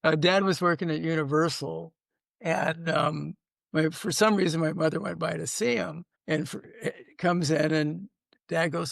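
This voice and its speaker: Older man with a gravelly voice, rambling stories. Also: on the high side, fairly even intonation, normal speed, a bit bright, dry recording, studio quality. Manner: rambling anecdotes with many fillers and restarts. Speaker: sitcom writer and producer, guest. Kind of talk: casual interview storytelling.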